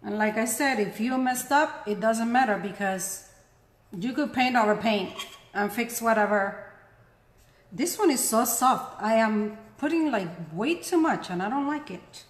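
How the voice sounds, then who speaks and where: Her voice fairly high, animated and unhurried, this craft tutorial host talks while she paints, chatty and quick to joke at her own expense. She speaks English with a non-native accent, as it isn't her first language, and the recording is reverberant.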